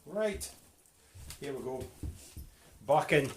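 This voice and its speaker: A man's voice: mid-range voice, animated, takes it slowly. Offhand Scottish man in an echoey room. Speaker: fiddler and co-host. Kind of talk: casual chat on a live stream. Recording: echoey room with background noise.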